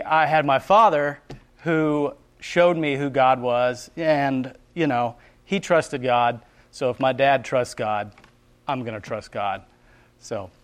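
A man telling his personal faith testimony in an earnest, rambling way, often stopping to restart and acting out prayers as quotes. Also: medium pitch. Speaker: Christian speaker sharing his testimony.

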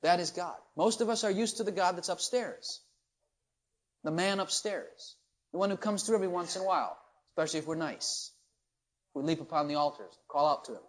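A man preaching a sermon, shifting from low, quiet asides to loud, rising questions to the congregation. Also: lively intonation, fairly quick.

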